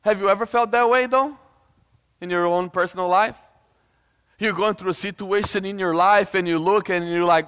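A male preacher giving a lively sermon, retelling a story casually and acting out the voices of its people. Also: high-pitched, moderate pace, smooth, in a large hall. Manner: animated storytelling, acts out voices, casual asides.

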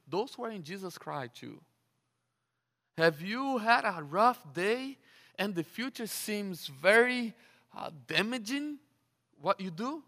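A man delivers a sermon in a high, bright voice. He keeps asking his listeners questions and stumbles over repeated words as he goes. A long reverb trails after each phrase. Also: expressive, slow pace, gravelly. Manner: rhetorical questions, frequent word repeats. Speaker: preacher.

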